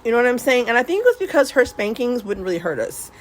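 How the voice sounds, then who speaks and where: A woman's voice: on the high side, big pitch swings, quick pace. A woman talks through her past in an easygoing, rambling way, laughing often and cursing freely. She drops Spanish words into her English. A faint hiss sits under the voice. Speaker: vlogger. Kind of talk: casual storytelling while swatching paints.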